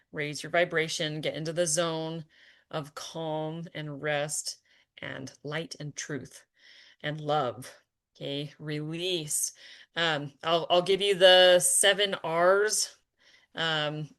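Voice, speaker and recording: A woman leading a spiritual conversation, earnest and animated, often laughing and trailing off with fillers. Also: deep voice. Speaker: spiritual teacher.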